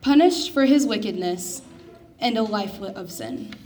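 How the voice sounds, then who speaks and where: A woman reading a Bible passage and a poem aloud at a church service in a careful, measured way. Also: mid-range voice, expressive, darkish tone. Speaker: scripture reader. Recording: distant mic with faint noise.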